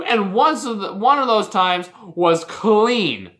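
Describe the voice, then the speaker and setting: A young adult vlogger from Canada rants in a loose, unscripted way, swearing freely and sounding exasperated. The voice is bright and forward, at a middling pitch. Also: animated, slow pace, hardly any pauses. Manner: heated, profane, exasperated ranting. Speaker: wrestling commentary vlogger. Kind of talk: casual opinion rant.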